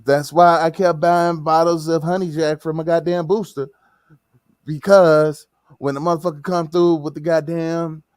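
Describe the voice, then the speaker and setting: A man's voice: on the high side, little pitch movement, normal speed, a little mellow, clear, resonant tone, dry recording, clean studio sound. A man co-hosting a podcast in casual chat, often humming along in agreement. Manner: backchannels with short hums. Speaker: podcast co-host.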